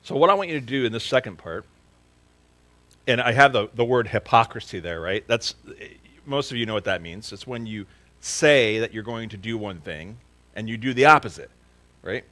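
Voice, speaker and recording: At normal speed and with animation, a fairly low-pitched pastor preaches a church sermon, though the audio is poor. He earnestly addresses questions to his listeners and gets emphatic and louder to underline his points.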